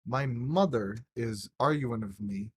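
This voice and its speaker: A man's voice: mid-range voice, takes it slowly, noisy background. Tipsy swearing man telling stories. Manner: rambling, heavy swearing, tipsy. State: drunk. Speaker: podcast co-host. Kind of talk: casual chat.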